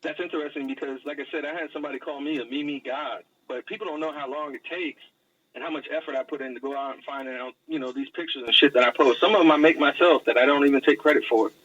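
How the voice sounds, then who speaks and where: A man's voice: fairly high pitch, steady tone, fast, a bit bright, husky. A man appearing as a guest, ranting in casual chat and cursing freely. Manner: ranting, profane. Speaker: guest host. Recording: distant muffled phone-like line.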